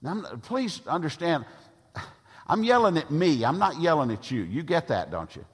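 Husky preacher in a reverberant hall. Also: male voice, a little high, very animated, normal speed. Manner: emphatic, repeats phrases for effect. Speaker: pastor. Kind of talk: sermon. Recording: long reverb of a large hall.

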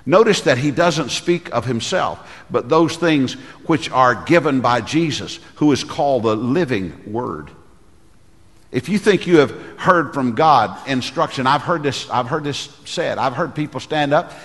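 A man's voice: medium pitch, animated, unhurried, a bit bright. Folksy preaching man in a reverberant church. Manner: folksy storyteller who acts out quoted voices. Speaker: pastor. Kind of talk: sermon with storytelling.

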